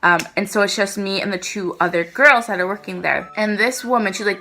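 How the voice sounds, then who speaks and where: A young woman in her twenties retells a story for her vlog with animated, dramatic energy. Her voice is bright and clear at a middle pitch, with faint music underneath. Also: quick pace, few pauses. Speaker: vlogger.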